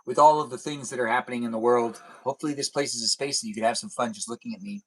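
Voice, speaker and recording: A man's voice: mid-range voice, fairly even intonation, racing, fairly bright tone. A young man live streaming, chatting casually and teasing viewers as he reads their comments. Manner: playful, teasing, rambling.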